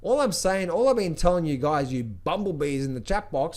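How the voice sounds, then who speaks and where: A man giving a casual trading market update, excitable and jokey, often repeating his phrases. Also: a little high, normal speed. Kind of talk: animated casual market commentary.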